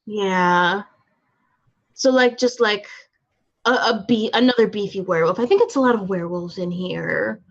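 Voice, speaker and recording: A woman's voice: mid-range voice, moderate pace. A woman narrating a tabletop game as game master, casual and hesitant with lots of filler words, on a dull lo-fi recording.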